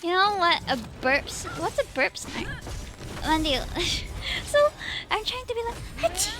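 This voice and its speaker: A woman's voice: very high-pitched, sing-song, slow pace, music in the background. A young woman with a Singaporean accent, chatting casually and giggling on her live stream, sprinkling in Singlish particles. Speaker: VTuber streamer.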